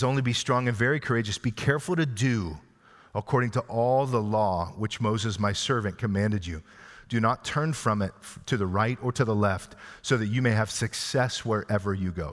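A man preaching in a church sanctuary, his words ringing out with a long hall reverb. His pitch sits in a middling range as he talks through the text in a conversational way and puts questions to the listeners. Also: fairly bright tone. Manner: conversational, asks the congregation questions. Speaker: pastor. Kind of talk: expository sermon.

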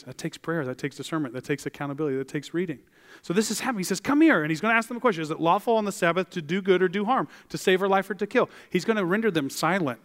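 A man preaching a sermon as a pastor, animated and acting out the voices of the people in the story. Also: fairly high pitch, big-room sound. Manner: animated, acts out voices of biblical figures. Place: church.

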